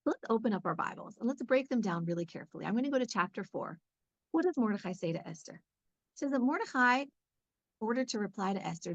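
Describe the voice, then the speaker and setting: A woman giving a conversational Bible lesson, speaking in a chatty, lively way with lots of fillers. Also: mid-range voice, quick pace, no echo, highs cut off. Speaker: Torah teacher.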